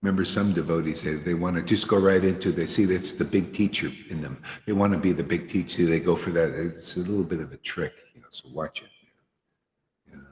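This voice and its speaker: A spiritual teacher with a low-pitched voice gives an informal devotional talk to a small group, speaking fairly quickly. He's earnest and slangy, sprinkling in "you know" and "man," and the recording has a roomy hall echo.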